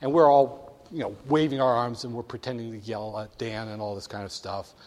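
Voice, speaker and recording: A man's voice: mid-range voice, fairly even intonation, fairly quick, a little mellow. An older man wryly telling a candid story, briefly acting out the voices of people in it. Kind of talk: storytelling anecdote. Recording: long hall reverb.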